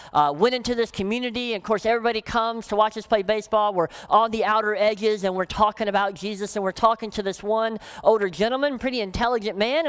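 A woman pastor preaching a sermon, emphatic, often dropping into soft, low phrases for weight. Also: clear, resonant tone.

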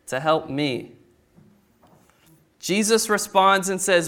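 A man preaching a sermon with lots of energy, acting out the story's people with sudden loud bursts. His voice sits a little high and comes across smooth and clear. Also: steady tone, normal speed. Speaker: pastor.

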